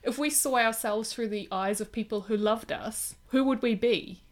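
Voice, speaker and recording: Woman chatting about a movie, animated, keeps acting out lines. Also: a little high, normal speed. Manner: animated, acts out dialogue in quotes. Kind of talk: casual film discussion.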